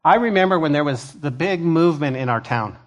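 A man preaching a conversational sermon as pastor of a church, acting out quoted voices with lively energy. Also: on the high side, brisk. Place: church sanctuary.

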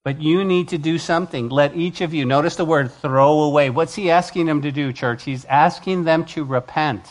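A man's voice: a little high, brisk, few pauses. Preaching man with big dynamic swings. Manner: preaching with emphatic swings from loud to soft. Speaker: pastor. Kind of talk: sermon. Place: church.

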